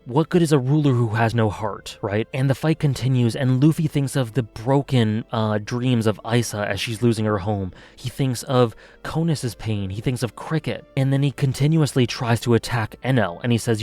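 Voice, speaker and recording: A man's voice: mid-range voice, moderate pace, few pauses, darkish tone, soft background music. A man giving an earnest, passionate video review commentary as a reviewer. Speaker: anime reviewer.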